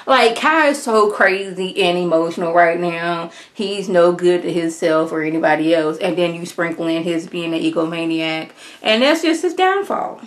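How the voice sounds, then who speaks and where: A woman casually recapping a TV episode in colloquial, animated speech. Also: lowish voice, moderate pace, hardly any pauses. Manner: animated, colloquial, acts out characters' lines. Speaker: TV show reviewer.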